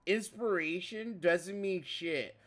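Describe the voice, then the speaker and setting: A man commenting on a gameplay video in casual, profane chat, excitable and swearing often. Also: sits high, slow pace, over a noisy crowd. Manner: excitable, swears a lot, says bro often. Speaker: streamer reacting to a gameplay video.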